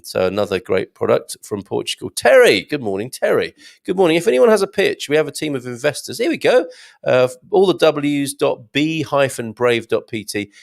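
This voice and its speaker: A man's voice: mid-range voice, creaky. A man hosting a live show, chatting casually and rambling through viewer comments, with many ums and restarts. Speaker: host reading viewer comments. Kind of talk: casual live-stream chat.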